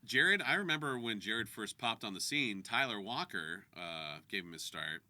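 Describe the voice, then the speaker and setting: A man's voice: lowish voice, expressive, normal speed, bright, forceful tone, no room sound. A man co-hosting a podcast and chatting casually, telling stories with quoted voices. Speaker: podcast co-host, voice actor and director. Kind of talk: casual chat.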